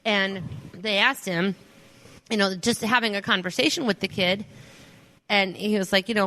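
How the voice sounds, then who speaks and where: A woman co-hosting a podcast, chatting casually and retelling stories with quick, laughing interjections. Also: mid-range voice, steady tone, sharp tone, a little hiss or hum. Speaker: podcast co-host. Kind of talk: casual chat.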